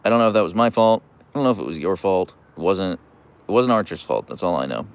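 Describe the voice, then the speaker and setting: Sitting on his deck at home by his huskies, a young man livestreams, telling rambling stories and replying to viewer comments with lots of fillers and restarts. His voice is low, creaky and clean in tone, animated and quick.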